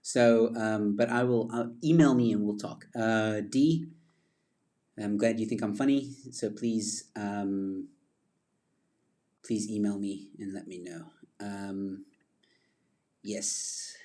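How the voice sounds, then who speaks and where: Man, casual livestream host, somewhat low voice, chatty and rambling, laughs at himself. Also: fairly even intonation, slow, pauses often, warm tone.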